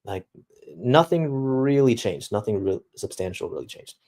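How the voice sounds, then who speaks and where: A man's voice: mid-range voice, animated, normal speed, warm tone. A young man streaming live, talking casually and reading out chat in a laid-back, slangy way full of dude and bro.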